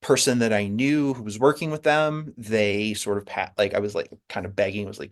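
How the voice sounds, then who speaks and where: A man's voice: on the low side, steady tone, fairly quick, few pauses. A man, a comics writer as a guest, telling his story in a rambling way with many fillers and restarts. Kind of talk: conversational interview.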